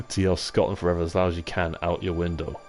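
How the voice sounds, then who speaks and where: A young British man with a low, deep voice, reading chat comments on a live stream in an easygoing way. He swears freely and laughs along with his viewers. Music plays clearly behind him. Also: fairly even intonation, brisk, darkish tone. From Britain. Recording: music playing in the background.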